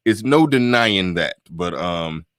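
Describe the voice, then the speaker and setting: A man's voice: low voice, animated, takes it slowly, smooth, no echo, studio quality. A man hosting a casual livestream talk show, rambling through his thoughts with many restarts and fillers. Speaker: host.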